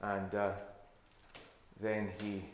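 A male preacher giving a conversational sermon and explaining a Bible passage, with frequent pauses and fillers. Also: lowish voice, completely flat delivery, a little hiss or hum.

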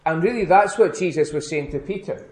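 A man as a pastor giving a children's address in church, speaking gently and slowly repeating key words for emphasis. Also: a little high. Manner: gentle, questioning children, slow emphatic repetition. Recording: echoey church room.

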